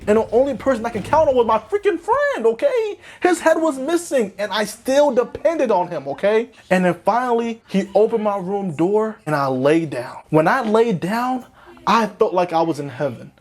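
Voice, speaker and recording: A young man telling a comic story in an animated way, swinging between loud panic and low mutters. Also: moderate pace. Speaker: comedic storyteller. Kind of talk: comedic skit narration.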